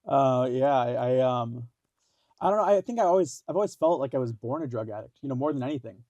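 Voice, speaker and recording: A young man from India talks as a podcast guest, halting through his story with lots of ums, restarts and casual swearing. His voice has a gravelly fry at mid pitch, and the recording is dry and close. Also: lively intonation, warm tone, no echo, highs cut off. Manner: halting, many fillers and restarts, swears freely. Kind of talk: casual interview talk.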